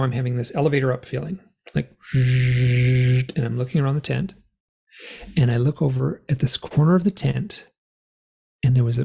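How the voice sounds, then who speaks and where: A man telling his story in a rambling, animated way, full of fillers, as a guest on an interview show. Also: medium pitch, gravelly, breathy edge. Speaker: guest author and experiencer. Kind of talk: conversational storytelling.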